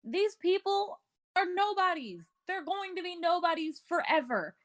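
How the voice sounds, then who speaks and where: A woman's voice: very high voice, animated, unhurried, pitched above the performer's own voice. Woman playing a brash swearing punk teen. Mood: fired up. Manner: blunt, swears constantly, mocking. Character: brash foul-mouthed teen punk rocker girl. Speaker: player. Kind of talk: tabletop role-play, in character.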